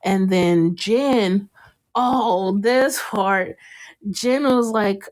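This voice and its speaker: A young woman hosting a casual podcast, recapping an episode and acting out what the characters said with sudden jumps in pitch and frequent laughter. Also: extremely slow. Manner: animated, acts out quotes in a jumped-up pitch, laughs often. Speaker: podcast host.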